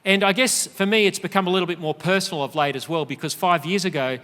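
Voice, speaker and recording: A man's voice: sits high, quick pace, fairly bright tone, big-room sound. A middle-aged Australian man giving an earnest, emphatic conference speech, with frequent fillers. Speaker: speaker. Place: large conference hall.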